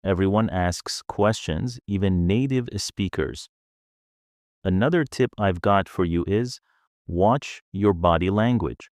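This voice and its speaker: Man, English teacher, scripted lesson, calm explanatory tone, unhurried delivery, dry close sound. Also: low voice, no echo. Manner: calm, explanatory, advice-giving.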